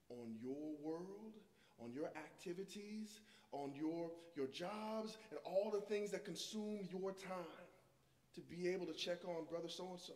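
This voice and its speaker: A man, preaching a sermon through personal stories, swinging between loud passages and hushed ones. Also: a little high. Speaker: guest preacher. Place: church sanctuary. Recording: echoey church hall with long reverb.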